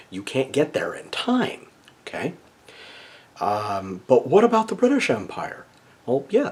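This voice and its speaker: A man with a fairly low voice talks through ideas in a casual, lecturing monologue. He keeps checking in with his listener with an "okay?" after nearly every point. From United States. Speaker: video essayist.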